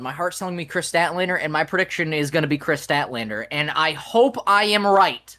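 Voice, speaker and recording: A man co-hosting a podcast, talking passionately with frequent swearing, swinging between loud and soft. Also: fairly high pitch, a little fast, few pauses. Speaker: podcast co-host. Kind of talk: casual podcast chat.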